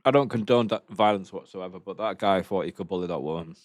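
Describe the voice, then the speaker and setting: A man's voice: low voice, fast talker. A young man, chatting casually on a livestream while reacting to videos, rambling and swearing in slang.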